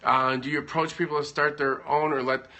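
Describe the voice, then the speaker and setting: A man's voice: fairly high pitch, flat delivery, fairly quick, sharp tone. A man chatting casually at home on a livestream, giving business advice in a rambling, joking way. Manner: rambling, self-interrupting, joking.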